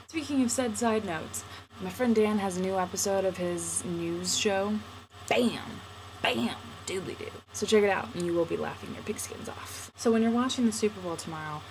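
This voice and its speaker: A woman's voice: fairly low pitch, background noise. A young woman in college talking casually to camera in a playful, sarcastic, jokey vlog. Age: young adult. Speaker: vlogger.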